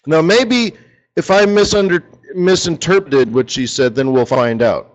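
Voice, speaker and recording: A man's voice: on the high side, measured pace, poor audio. A man leading a live forex strategy session, chatty and joking, talking straight to his viewers.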